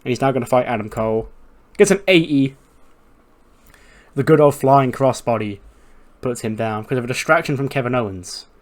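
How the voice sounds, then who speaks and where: A man's voice: mid-range voice, brisk. Casual, swearing man narrating a game. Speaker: gaming YouTuber. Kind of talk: casual let's-play narration.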